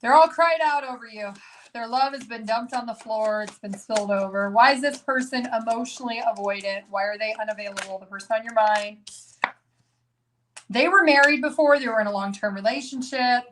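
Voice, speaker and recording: Female tarot reader on a live stream; casual, giggly delivery, slightly high voice, faint background noise. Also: brisk, a bit bright, low-quality recording. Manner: casual, laughs a lot, talks to herself.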